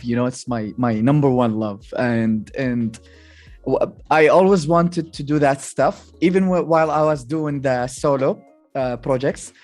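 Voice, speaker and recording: A man from Kuwait talking as a musician guest on a podcast, relaxed and halting, with plenty of fillers. His voice sits at a middling pitch. Faint music plays in the background. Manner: relaxed, hesitant, many fillers. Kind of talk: casual podcast interview.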